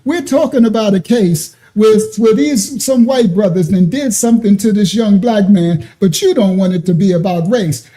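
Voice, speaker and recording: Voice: mid-range voice, mellow. A livestream host reading chat comments aloud and mocking a troll, laughing often between taunting questions.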